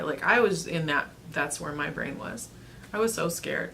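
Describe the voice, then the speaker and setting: Woman vlogger, thirties, slightly low voice, rambling and earnest, light background noise. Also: moderate pace. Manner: earnest, rambling, with frequent restarts and soft laughs. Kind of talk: casual storytelling to camera.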